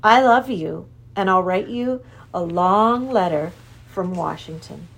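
A woman voicing a kindly elderly male professor in a storybook reading, speaking firmly, slowly and with encouragement. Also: on the low side, gravelly, full character voice. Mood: firm, affectionate. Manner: firm, encouraging, slow and emphatic.

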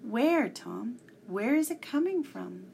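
A woman voicing a calm older male professor who speaks in measured, reassuring explanations, reading a storybook aloud. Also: a little high, vocal fry, slight background noise, voice pushed up, exaggerated voice. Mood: urgent.

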